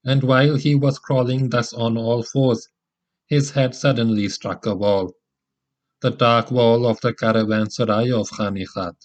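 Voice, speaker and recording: A man reading an autobiographical audiobook in a measured, dramatic storytelling manner. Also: mid-range voice, fairly even intonation. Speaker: audiobook narrator. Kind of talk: audiobook narration. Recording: slightly muffled lo-fi recording.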